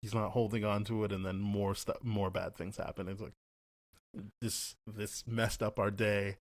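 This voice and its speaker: A young man talks casually with a low-pitched voice, recorded close and dry. He retells scenes with energy and slips into quick impressions of characters' lines. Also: no room sound. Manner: animated, acts out characters' lines in quick paraphrase. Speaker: podcast co-host. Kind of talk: casual chat.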